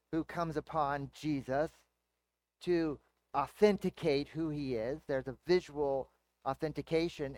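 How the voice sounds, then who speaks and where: A man's voice: mid-range voice, no room sound. Man preaching a conversational sermon. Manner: conversational teaching with rhetorical questions. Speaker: pastor.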